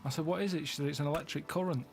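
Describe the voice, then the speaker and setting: A man telling rambling anecdotes in a deadpan, plodding way during casual comic chat. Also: a little high, very fast, vocal fry, music in the background. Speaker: co-host.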